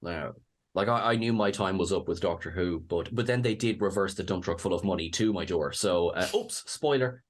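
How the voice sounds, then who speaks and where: A man's voice: sits low, moderate pace. Chatty man co-hosting. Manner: jokey, chatty, addresses viewers. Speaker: co-host. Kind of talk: casual discussion.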